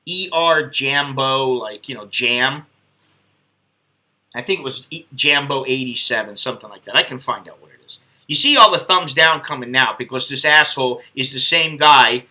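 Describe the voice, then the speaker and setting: A man's voice: mid-range voice, moderate pace, bright, forceful tone. A man hosting a live stream, rambling bluntly and swearing at viewers in casual chat. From United States.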